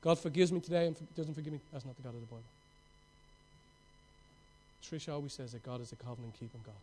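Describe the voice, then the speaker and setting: A middle-aged man preaching a sermon with passion, telling stories and swinging between loud outbursts and hushed moments. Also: mid-range voice, steady tone, fast, slight background noise.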